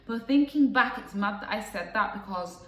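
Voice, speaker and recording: Young woman, chatty and rambling, bright voice, distant mic, echoey room. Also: mid-range voice, lively intonation, normal speed. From England. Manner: chatty and rambling, with frequent fillers and asides. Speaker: vlogger. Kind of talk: casual storytelling to camera.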